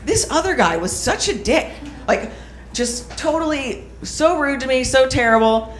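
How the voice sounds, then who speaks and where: A woman's voice: high voice, animated, a little slow, a little hiss or hum. Young woman doing stand-up, brash storytelling, roomy club sound. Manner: brash storytelling with crowd asides. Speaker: stand-up comedian. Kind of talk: stand-up comedy set. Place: small comedy club stage. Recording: roomy club with audience laughter.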